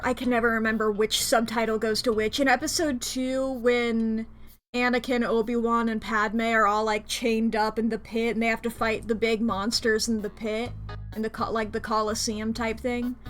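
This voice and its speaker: A woman's voice: a little high, steady tone, normal speed, fairly bright tone, soft background music. A young woman streaming a video game, rambling casually and laughing often. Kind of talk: casual gameplay chat.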